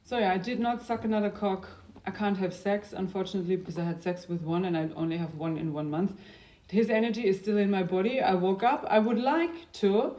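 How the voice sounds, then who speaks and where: A young adult woman talking in a casual, rambling video diary. Her loudness drifts from sudden bursts down to near-whispers. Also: mid-range voice, a little fast. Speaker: diary vlogger.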